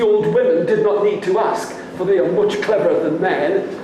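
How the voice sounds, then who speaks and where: Animated male storyteller in echoey hall. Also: normal speed. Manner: animated, leaps into high voices for characters, coaxes the audience to join in. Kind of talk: live oral storytelling with audience participation. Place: college hall with a live audience. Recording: very echoey hall, faint background noise.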